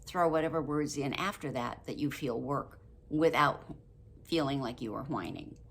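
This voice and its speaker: An older woman talking casually to camera about a book, chatty and quick to laugh, acting out example phrases. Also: rumbling low, animated, gravelly, breathy edge. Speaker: book review vlogger.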